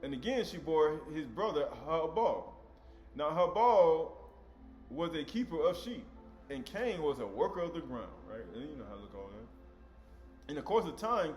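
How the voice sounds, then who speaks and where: A man giving a casual, conversational sermon, often checking in with "right?" and acting out dialogue in slangy voices. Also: a little high. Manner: conversational, tag questions like "right?". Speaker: preacher. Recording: echoey room with faint music.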